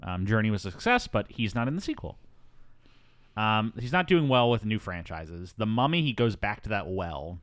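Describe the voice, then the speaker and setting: A man's voice: on the low side, big pitch swings, normal speed, a bit bright, no echo. A man hosting a casual movie podcast, chatty with frequent ums and asides. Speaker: podcast host.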